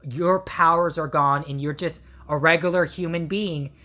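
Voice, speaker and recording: A woman's voice: deep voice, fairly even intonation, moderate pace, sharp tone. A woman voicing a sympathetic male scientist who speaks with apologetic gravity. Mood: grave.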